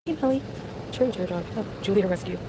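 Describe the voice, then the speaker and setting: A woman's voice: medium pitch, a little fast. A woman casually chatting on a live stream, answering her chat messages, in a noisy clip with vehicle noise behind her.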